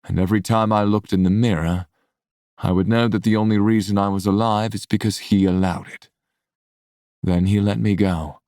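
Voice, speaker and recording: A brooding scarred warrior with a very deep voice, quiet and guarded in his speech, as a man voices him. The reading sounds close and dry, with no room in it. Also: fairly even intonation, normal speed, no room sound, lightly acted. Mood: somber.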